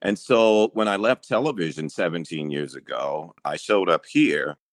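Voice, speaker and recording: A middle-aged man with a very deep bass-baritone voice, telling stories easily in a casual interview. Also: moderate pace, no echo, clean studio sound. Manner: relaxed storyteller, easy laughs. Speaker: radio news anchor.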